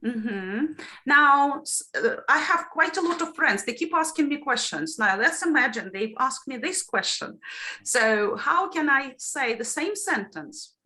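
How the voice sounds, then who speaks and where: A middle-aged woman teaches trainee teachers in an online lesson. Her fairly high voice is bright and clear. It swoops widely as she models intonation and questions the group. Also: unhurried. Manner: lively, demonstrates intonation with questions to the class.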